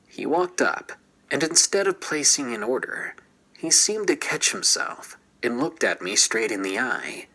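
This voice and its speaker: A man's voice: medium pitch, pushed and bright, poor audio. A man narrating a true scary story in a scripted, dramatic way and dropping into whispers at tense moments.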